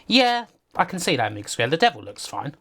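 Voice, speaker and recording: Woman, sardonic, sweary, lively pitch, faint music behind. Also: fairly quick, husky. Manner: sardonic, laughs often, sweary. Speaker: retro games streamer. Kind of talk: casual live commentary.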